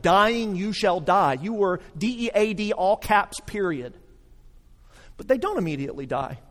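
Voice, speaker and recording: Guy preaching a sermon, lively, acts out voices, big echoey hall. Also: on the high side. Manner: animated, acts out quoted voices. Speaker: pastor. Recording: reverberant hall.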